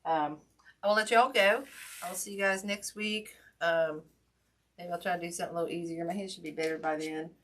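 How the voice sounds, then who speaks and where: A woman's voice: on the low side, steady tone, fairly quick, fairly bright tone, a little hiss or hum. A woman hosting a casual wreath-making livestream, folksy and chatty with lots of ums, greeting viewers by name while her hurt hand aches.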